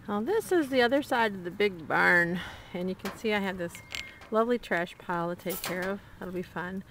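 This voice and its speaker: Recorded on a handheld camera mic with a little hiss or hum, this woman has a mid-range, fairly bright voice and a moderate pace. She casually narrates a rambling tour of her homestead, outdoors on a small farm among barns and animals, laughing softly and using lots of fillers.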